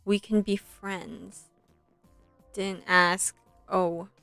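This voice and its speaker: Her voice medium-pitched, level, slightly bright and clean, a young woman draws out her words as she streams a video game with faint music behind. Chatty and scattered, she retells a film between plays, uses lots of likes and ums, and swears at the game.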